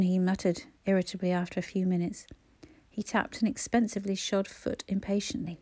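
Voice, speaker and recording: Woman narrating a story in a mellow voice. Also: medium pitch, level tone, a little fast. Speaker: audiobook narrator. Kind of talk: scripted narration.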